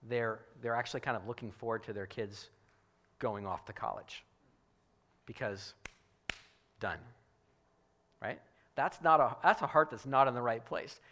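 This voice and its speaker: A man's voice: mid-range voice, fairly bright tone. A male pastor delivering a sermon in a conversational, emphatic way, often restarting his phrases.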